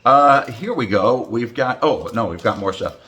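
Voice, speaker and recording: A man's voice: mid-range voice, expressive, moderate pace, a bit bright. A man in his fifties chatting to camera in a joking vlog, teasing and playful, with plenty of fillers and asides. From United States. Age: 50s. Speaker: hockey announcer making a greeting video.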